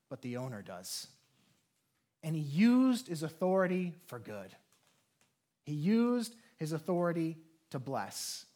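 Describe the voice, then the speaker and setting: A man preaching a sermon as a pastor, earnest and measured, slowing down to lean on key phrases. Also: high-pitched.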